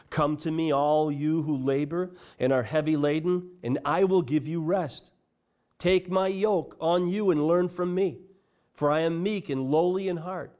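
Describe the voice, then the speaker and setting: A man delivers a church sermon, his voice pitched a little high. He reads scripture aloud and presses on its key phrases with earnest, deliberate emphasis. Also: darkish tone. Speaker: pastor.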